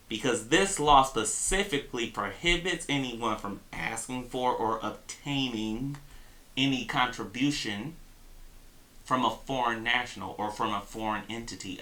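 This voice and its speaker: A man hosts a political commentary monologue. His voice is bright and forceful, and he leans hard on key words and closes on sarcastic jabs. The pitch sits in the middle range for a man. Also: echoey room. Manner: emphatic, builds to sarcastic punch lines. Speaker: host.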